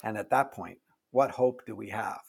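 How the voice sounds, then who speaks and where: An older man speaking as an author in an interview, telling stories earnestly and haltingly, often dropping his voice low and soft. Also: creaky, slightly rough. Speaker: author guest. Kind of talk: reflective interview talk.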